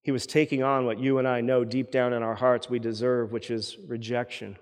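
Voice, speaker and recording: A man's voice: medium pitch, little pitch movement, a little fast, long reverb tail. A man preaching a sermon as pastor, earnest and often repeating words as he builds each point.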